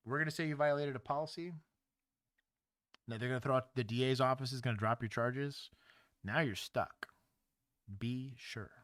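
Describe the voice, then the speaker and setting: A man talks in a wry, explanatory way, chatting casually as a livestream host. His mid-pitched voice sounds close and dry on a studio mic. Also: moderate pace, long pauses, a bit bright, no echo. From Texas. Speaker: host, former police officer.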